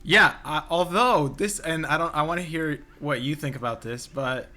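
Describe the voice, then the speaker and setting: A man's voice: fairly high pitch, normal speed, pushed and bright. A young man co-hosting a podcast outdoors, thinking aloud in a casual philosophical conversation with many restarts and fillers. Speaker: podcast co-host. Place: outdoors near a playground.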